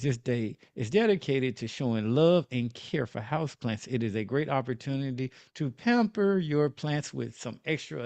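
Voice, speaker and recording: A man's voice: mid-range voice, darkish tone, no echo. Joking man hosting a podcast. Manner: joking, reads day listings aloud. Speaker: podcast host. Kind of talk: casual podcast chat.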